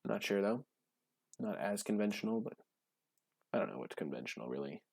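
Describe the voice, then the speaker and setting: A man giving casual gameplay commentary while drafting cards, gushing and breaking into high excited shouts. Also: brisk, creaky, dry recording. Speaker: card game drafting streamer.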